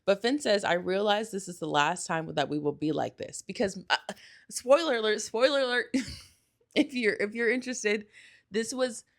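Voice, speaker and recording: A woman's voice: medium pitch, normal speed. Rambling, gushing young woman podcaster. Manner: gushing, rambling, with frequent "like" and self-corrections. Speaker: podcast host. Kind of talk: casual solo podcast chat.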